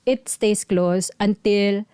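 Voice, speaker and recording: A woman's voice: medium pitch, flat delivery, slow, mellow, clean tone, no echo, studio quality. A woman co-hosting a podcast, telling a story in a rambling, casual way with many fillers. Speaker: podcast co-host.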